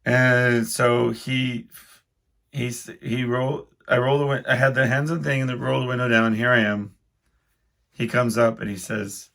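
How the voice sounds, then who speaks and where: A man's voice: mid-range voice, steady tone, moderate pace, gravelly, fairly bright tone. A man hosting his own podcast, telling a rambling, self-deprecating story in casual speech full of restarts. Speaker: podcast host.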